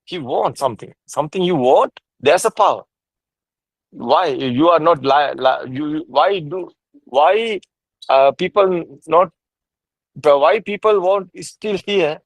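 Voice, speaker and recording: A man's voice: fairly high pitch, vocal fry, dry recording, poor audio. Man talking dharma over a dry video call. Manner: halting, repetitive phrasing with frequent soft laughs. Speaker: Buddhist teacher. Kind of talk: casual dharma discussion.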